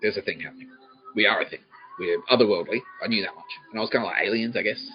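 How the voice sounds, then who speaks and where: A man's voice: fairly low pitch, racing, lo-fi sound, soft background music. A man with an Australian accent hosting a podcast, telling a rambling comic story full of swearing and laughter, slipping into quoted voices. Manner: profane, laughing, jumps between quoted voices. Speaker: podcast host.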